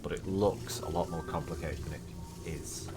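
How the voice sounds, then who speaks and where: A man's voice: low voice, steady tone, moderate pace, very noisy. A man with a Mancunian accent giving casual gameplay commentary, muttering and swearing at himself. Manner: muttering, self-deprecating, swearing. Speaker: let's play streamer.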